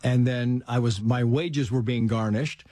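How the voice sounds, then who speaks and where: A middle-aged man spins personal stories in a relaxed chat, his voice sitting at an ordinary middle pitch. He slips into lively impressions of the people he quotes, and the recording is close and dry with no room sound. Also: unhurried, no echo. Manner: animated storyteller, acts out quoted voices. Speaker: guest telling life stories. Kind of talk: casual storytelling conversation.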